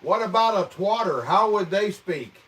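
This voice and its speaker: Streaming casually from indoors at home, a man from the American Midwest responds to his viewers' comments with mock-outraged cursing. His high-pitched voice is fairly bright, with lively intonation at a moderate pace, and he sounds somewhat distant from the microphone.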